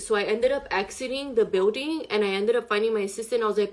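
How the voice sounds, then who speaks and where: A woman's voice: fairly high pitch, brisk, hardly any pauses. A shaken, upset woman telling a personal story to camera in a rambling way, full of "like" and swearing. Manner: rambling, heavy use of "like" and profanity, agitated.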